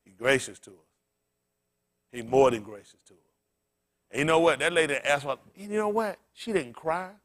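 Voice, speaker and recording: A male pastor giving a casual, storytelling sermon, asking his congregation questions and swinging from loud bursts to quiet murmurs. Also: a little high, moderate pace, pauses often. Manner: conversational preaching, swings from loud excited peaks to quiet murmurs.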